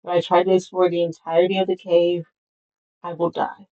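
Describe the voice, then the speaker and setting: Streamer: low-pitched woman, casual rambling game commentary. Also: level tone, brisk, dull audio. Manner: rambling, with many fillers.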